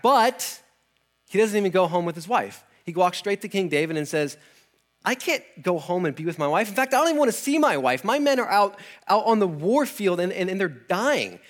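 A man's voice: sits high, fairly bright tone. A young adult man preaching, retelling a scripture story casually with slang, laughs and acted-out character lines.

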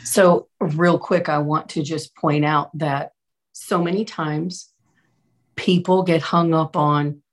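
A woman with a low voice hosts a podcast and coaches. She offers deliberate, reflective comments in an easy conversational tone. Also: fairly even intonation.

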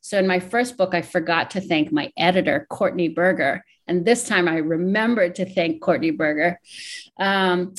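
A woman's voice: on the low side, moderate pace. A middle-aged woman from Hawaii, an author and academic, giving candid, reflective interview answers with frequent restarts and rising emotion.

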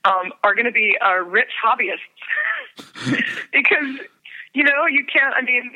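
A woman's voice: on the high side, measured pace, sharp tone, low-quality recording. A woman musician talking in a casual interview, earnest and self-mocking, with lots of hesitations. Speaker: musician guest.

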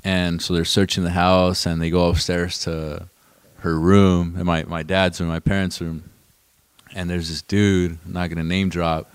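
A man telling a long story in casual chat, animated and swearing often. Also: deep voice, measured pace, smooth, no room sound.

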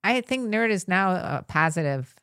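An older woman co-hosting a podcast in casual chat, gently teasing and rambling. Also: on the low side, expressive, normal speed, smooth, dry recording, studio quality. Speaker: podcast co-host.

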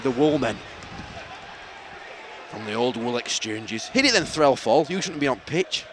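A man's voice: medium pitch, expressive, unhurried, noisy background. A man, co-hosting a football fan podcast outdoors at a match, chatty and laughing, full of rambling asides. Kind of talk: casual football banter.

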